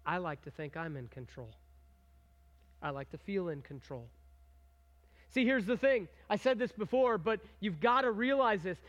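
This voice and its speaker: A man with a fairly high voice preaches in an animated, conversational way. He reads scripture aloud with rising emphasis and keeps checking in with the congregation, asking questions and inviting them to join in. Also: normal speed, pauses often, lo-fi sound. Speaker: pastor. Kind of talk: sermon.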